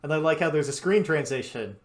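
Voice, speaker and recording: Over faint game music, a man with a higher-than-average voice chats through his gameplay at a fairly quick clip. He's a playful, animated let's play commentator who reads the game's lines in silly voices.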